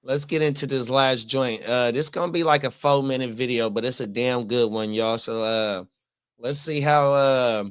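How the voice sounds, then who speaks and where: A man's voice: mid-range voice, moderate pace, clean tone. A man co-hosting a podcast, chatting in a laid-back way and reading out viewer comments. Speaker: co-host. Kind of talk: casual chat.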